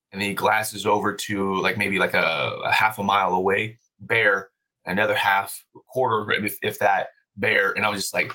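A man with a fairly low, bright and forceful voice tells a story as a podcast guest. His talk is loose and casual, sprinkled with swearing and quick laughs. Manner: loose, profane, laughs often.

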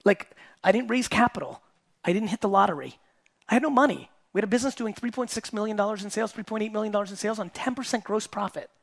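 A middle-aged man with a high voice speaks to a live audience. His delivery is blunt and punchy, and he swears casually and repeats key lines for emphasis. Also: fast talker, creaky. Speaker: entrepreneur and host. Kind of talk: keynote talk to a live audience.

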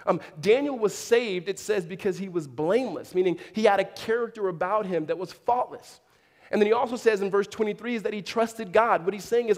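High-voiced preacher in a reverberant hall. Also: male voice, a little fast. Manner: conversational preaching with dry humorous asides. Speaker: pastor. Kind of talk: sermon. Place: large church hall with a congregation. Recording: long reverb of a big hall.

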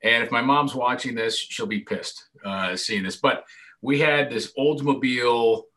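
A man's voice: medium pitch, measured pace. A man in his forties from upstate New York, chatting casually and acting out the voices in his stories. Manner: animated storyteller, acts out quoted voices. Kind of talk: casual chat.

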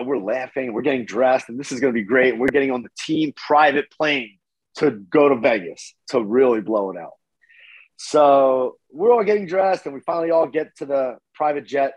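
A man telling a story casually as a podcast guest, animated, with his voice jumping up when he gets excited and swearing freely. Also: a little high, dry recording, dull audio.

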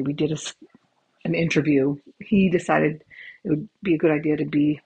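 This podcast host has a low, creaky voice with a slight roughness. She spins casual, meandering stories laced with profanity while her cats keep her company at home. The sound is dull and lo-fi, with a headphone mic that drops in and out.

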